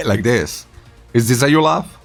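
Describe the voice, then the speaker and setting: Man, forties, animated, teasing, swooping pitch, faint background music. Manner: animated and teasing, laughs often. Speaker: streaming host. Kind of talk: casual live-stream chat.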